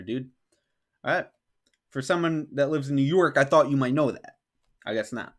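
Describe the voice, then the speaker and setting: A man's voice: medium pitch, very animated, moderate pace. A man spins a long anecdote on a podcast in a loose, chatty way, with "like" scattered through his sentences. His voice sits in a middle register. He slips into the voices of the people in his story as he goes. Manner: rambling, heavy use of "like", acts out quotes. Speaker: podcast host. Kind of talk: casual storytelling.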